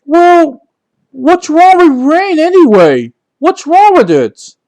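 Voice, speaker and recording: A man voicing a cheerful, patient male apple who gently coaxes his friend in a homemade puppet story. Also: extremely high pitch, very animated, slow, heavily acted. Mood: coaxing. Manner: gentle, coaxing, asks questions.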